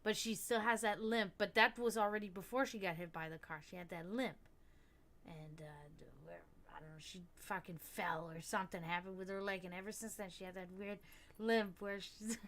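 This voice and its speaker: A woman's voice: medium pitch, moderate pace, a bit bright. A woman hosting a livestream, chatting casually and rambling, swearing often and laughing a lot. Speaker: stream host.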